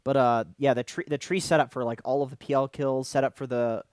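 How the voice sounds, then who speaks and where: A man's voice: mid-range voice, steady tone, fairly quick, darkish tone, clear, resonant tone, dry recording, clean studio sound. A Canadian man co-commentating an esports match, laid-back and loose, laughing easily. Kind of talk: casual commentary banter.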